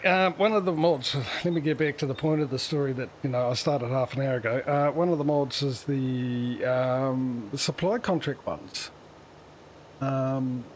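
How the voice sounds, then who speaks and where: A man's voice: medium pitch, slight background noise. A man hosting a casual gaming livestream, rambling chattily with sarcastic asides. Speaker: livestream gamer host.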